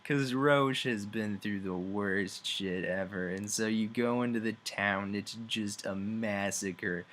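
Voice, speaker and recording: Young male game reviewer, low-ish voice, slow and rambling with filler words. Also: a little hiss or hum. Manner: rambling, many fillers, chuckles often. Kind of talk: casual video game review.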